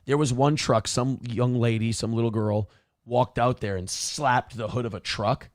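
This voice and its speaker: A man's voice: mid-range voice, steady tone, normal speed, no echo, studio quality. A man hosting a morning show, telling stories casually and profanely, with acted-out quotes. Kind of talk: casual chat. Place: home studio.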